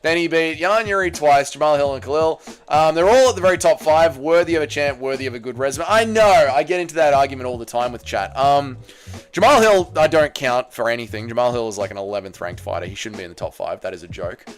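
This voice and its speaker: A man's voice: fairly high pitch, fast, clear, resonant tone. A man hosting a casual livestream, reading chat messages and answering in a blunt, jokey way. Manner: blunt, jokey, bouncy delivery. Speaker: livestream host.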